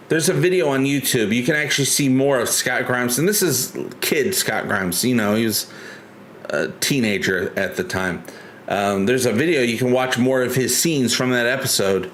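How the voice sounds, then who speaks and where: Brief: male stream host, middle pitch, rambly chat, faint hiss behind. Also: fairly bright tone. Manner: rambling, many restarts, chatty and joking. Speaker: livestream host. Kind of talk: casual live-stream chat.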